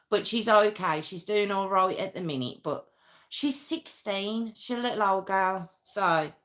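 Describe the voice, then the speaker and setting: Chatty woman with a bright voice. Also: medium pitch. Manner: rambling, chatty, self-interrupting; talks straight to viewers, reacting to chat. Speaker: true crime live stream host. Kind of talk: casual live-stream chat.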